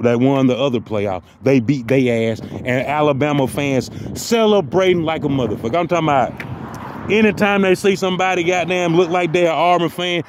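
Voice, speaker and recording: A man's voice: a little high, a little hiss or hum. A man delivering a profane, mock-motivational comic rant that loops back on the same phrases. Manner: mock-motivational, repeats phrases, heavy cursing.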